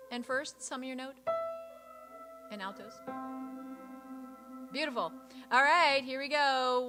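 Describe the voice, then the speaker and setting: A woman's voice: sits high, animated, slow pace, pauses often. A woman directing a choir rehearsal, counting beats aloud and singing parts to show them, encouraging and patient. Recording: rehearsal room with piano behind.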